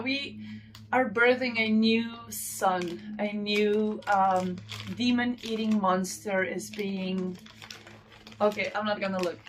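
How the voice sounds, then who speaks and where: A woman's voice: mid-range voice, background noise. A woman hosting her channel, chatting casually to viewers as she unboxes, gushing and talking to them directly. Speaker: channel host.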